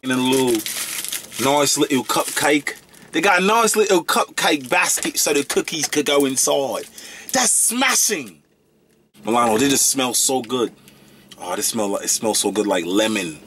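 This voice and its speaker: A young man casually reviewing snacks in a vlog, excitable and slangy, breaking into loud whoops. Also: medium pitch, normal speed, slight background noise.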